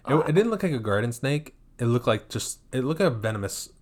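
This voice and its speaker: A man of middle pitch co-hosts a podcast in loose, casual conversation. He jokes around goofily and swears without a second thought. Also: sing-song, fast talker. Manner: joking, goofy, swears casually. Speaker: podcast co-host. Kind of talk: casual chat.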